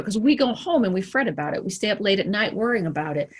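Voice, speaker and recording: Woman, executive coach, husky mid-pitched voice, lively conversational delivery full of rhetorical questions. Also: quick pace, few pauses. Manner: acts out quoted remarks in livelier voices. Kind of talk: motivational talk to camera.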